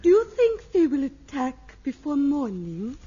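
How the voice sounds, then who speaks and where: An actress playing a stiff amateur actress reading melodrama lines in a stilted, wooden way, in a 1960s radio sitcom. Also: female voice, high voice, huge pitch swings, a little slow, background noise, exaggerated voice. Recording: dull lo-fi old radio recording.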